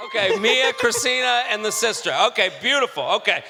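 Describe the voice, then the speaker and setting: Very high-voiced man joking on a live stage. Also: wildly swooping pitch, fairly quick. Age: 30s. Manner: loud, joking, crude, laughs often. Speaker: podcast co-host. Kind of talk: live comedy podcast hosting. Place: theater stage before a live audience. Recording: reverberant live venue, faint noise.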